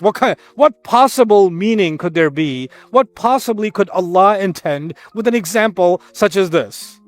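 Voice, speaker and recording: Animated high-voiced man teaching Quran. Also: moderate pace, hardly any pauses, faint music behind. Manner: animated, acts out quotes. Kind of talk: Quran lesson lecture.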